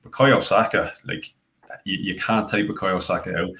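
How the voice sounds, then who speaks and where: A man giving thoughtful, measured football analysis as a fan pundit in a casual panel discussion. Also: deep voice, steady tone, pushed and bright, poor audio. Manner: measured, thoughtful analysis with many "you know" fillers.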